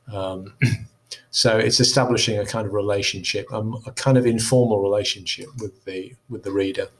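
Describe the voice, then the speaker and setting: Low-voiced male teacher explaining a text. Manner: explanatory, reads passages aloud then comments. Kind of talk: recorded lesson talk-through.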